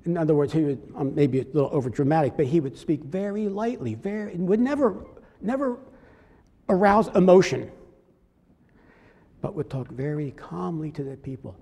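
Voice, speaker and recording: A man gives a sermon from the pulpit of a church, his voice high-pitched and carrying a long reverb through the sanctuary. He preaches in a talky, storytelling way and slips into the voices of skeptics to make his point. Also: lively intonation, moderate pace, warm tone. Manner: conversational preaching with acted-out voices of objectors. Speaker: pastor.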